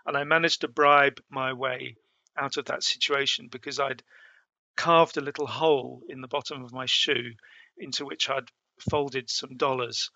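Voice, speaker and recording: A middle-aged man recalls his past journeys for an interviewer. His voice is bright and gravelly, with many fillers and restarts. The sound is close and dry. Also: mid-range voice, fairly even intonation, moderate pace, no room sound, dull audio. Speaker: interview guest. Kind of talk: storytelling in a conversation.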